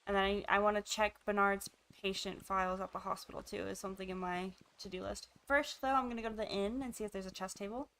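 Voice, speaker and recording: Excitable woman thinking aloud while gaming. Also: medium pitch, quick pace, hardly any pauses. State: hiccups. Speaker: gamer. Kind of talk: let's play commentary.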